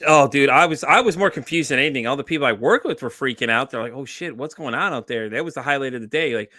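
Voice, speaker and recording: A man hosting a casual podcast who talks fast and tells his stories with animated energy. His voice is bright and forceful, and he swears freely. The sound is dry and close. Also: mid-range voice, no room sound. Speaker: podcast host.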